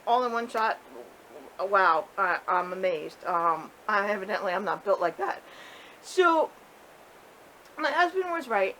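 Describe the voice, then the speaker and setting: A woman's voice: on the high side, a bit bright, rough recording. Chatty woman crafter with faint hiss. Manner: chatty, candid, talks to viewers directly. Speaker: crochet vlogger. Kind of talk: casual chat.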